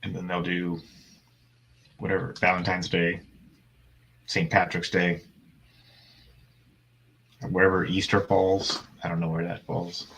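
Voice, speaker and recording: A man's voice: deep voice, completely flat delivery, unhurried, gravelly, long pauses, a bit bright, rough recording. A man in his thirties in casual chat as a co-host, laid-back and rambling, with dry sarcasm. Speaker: podcast co-host.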